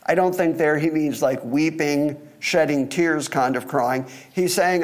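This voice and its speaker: A man's voice: a little high, a little slow, hardly any pauses. A man teaching verse by verse through a psalm, reading scripture aloud and then explaining it in plain words. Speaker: Bible teacher.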